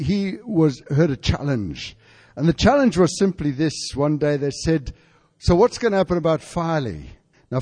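A man preaching and telling a story to a congregation, halting with fillers and then building to fervent emphasis. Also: on the high side, dark tone. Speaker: pastor. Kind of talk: sermon storytelling. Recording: hall reverb.

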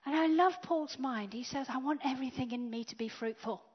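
High-voiced woman preaching with big swings. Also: brisk, breathy edge. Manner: dynamic, swinging from loud to hushed whispers. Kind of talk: sermon. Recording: dull lo-fi sound.

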